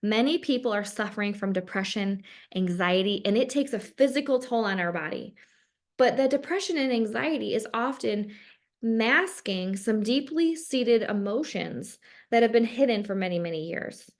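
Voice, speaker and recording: A woman's voice: on the high side, lively intonation, normal speed. A woman instructor speaking to camera, earnestly encouraging viewers to join a wellness program and often repeating herself. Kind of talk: promotional talk to camera.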